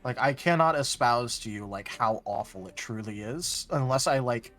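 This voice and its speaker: A man's voice: mid-range voice, lively intonation, normal speed, a bit bright, faint music behind. Eager male guest chiming in. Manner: eager, talks over others with asides. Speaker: guest on stream. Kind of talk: casual stream chat.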